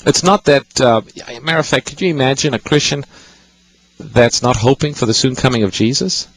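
A man's voice: mid-range voice, expressive, normal speed, a bit bright, poor audio. A man hosting a call-in radio show, patiently explaining Bible passages to callers. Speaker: radio Bible-teaching host.

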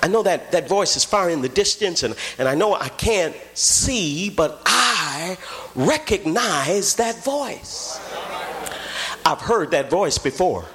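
A man preaching, voicing an awed male disciple who hushes the others and talks low and urgent, repeating himself. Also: lively intonation, slow, heavily acted. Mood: hushed awe.

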